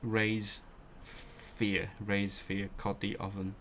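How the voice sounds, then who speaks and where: A man's voice: completely flat delivery, a bit bright, a little hiss or hum. A man on a study stream, thinking aloud and repeating vocabulary to himself with frequent restarts. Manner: repeats words slowly, muttering to himself as he drills vocabulary; self-talk with restarts, low-key. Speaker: language learner streamer.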